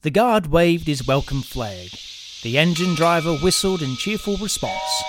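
A man narrating a children's storybook in an expressive, animated reading. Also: a little high, unhurried, background noise.

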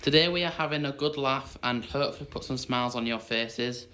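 A man's voice: mid-range voice, brisk, bright, forceful tone. A man hosting a casual podcast, upbeat as he reads out the questions and tells his own stories. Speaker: podcast host.

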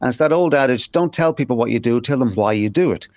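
A man co-hosting a podcast in a casual, animated, jokey way, often repeating words as he gets going. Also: mid-range voice, quick pace, dry recording, studio quality. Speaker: podcast co-host.

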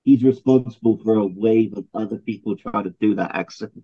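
A man co-hosting a podcast in casual chat, chatty and quick to laugh. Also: fairly low pitch, slightly rough, dull audio. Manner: chatty, laughs often, uses "like".

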